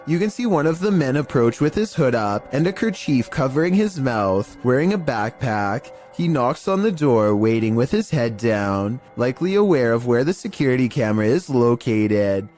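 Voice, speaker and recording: A man giving scripted narration of eerie video clips in a measured, even storytelling delivery. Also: mid-range voice. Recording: faint music bed under voice.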